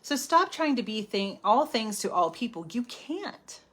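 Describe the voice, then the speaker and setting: Animated woman giving a self-help talk. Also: a little high, a little slow. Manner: animated, chatty, often drops to a whisper for asides. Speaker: healing coach hosting a live stream. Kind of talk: casual self-help talk on a live stream.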